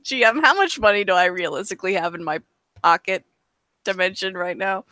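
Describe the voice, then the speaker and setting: Bright, dry-sounding woman player. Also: mid-range voice, fairly quick, no room sound. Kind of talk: tabletop role-play.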